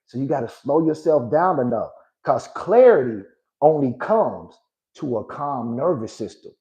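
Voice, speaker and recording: A man's voice: mid-range voice, lively intonation, a little slow, dark tone, low-quality recording. A man in his forties, a life coach hosting a motivational live talk, emphatic and preachy, often checking in with his listeners. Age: 40s. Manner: emphatic and preachy, tags lines with "right?" and "good people".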